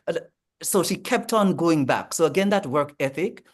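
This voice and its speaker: A man, a language coach explaining in a panel discussion, measured and full of ums and restarts. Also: fairly high pitch.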